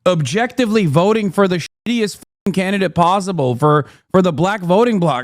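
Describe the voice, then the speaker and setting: A man in a heated livestream rant, swearing at his chat and sometimes shouting. His voice sits fairly high for a man. The sound is dry and close. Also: normal speed, no room sound. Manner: angry, profane, combative; shouting at times.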